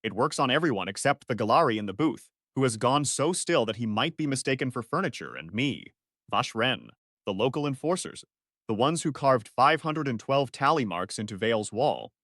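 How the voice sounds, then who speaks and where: Guy reading a first person sci-fi story, short clipped sentences, lively pitch. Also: normal speed, no room sound, clean studio sound. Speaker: narrator.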